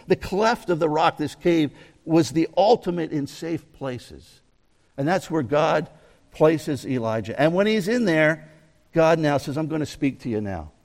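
Man preaching with long reverb. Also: fairly high pitch. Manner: conversational, asks the listeners questions, swings from soft asides to raised emphasis. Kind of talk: outdoor sermon. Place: outdoors near a mountain.

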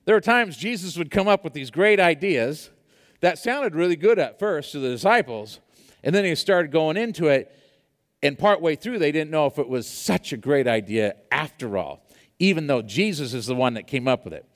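Male pastor, sermon, animated storyteller, high voice, long hall reverb. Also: normal speed. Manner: animated storytelling with many fillers.

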